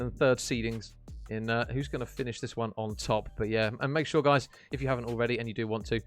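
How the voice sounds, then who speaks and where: Fast, chatty British esports caster. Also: male voice, fairly low pitch. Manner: chatty, matey, upbeat. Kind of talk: esports stream sign-off commentary.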